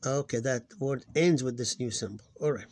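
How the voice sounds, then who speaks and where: A man teaching a casual recorded lesson, often hesitating, repeating words and slowing down to sound out syllables. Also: medium pitch, a little mellow. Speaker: Arabic teacher.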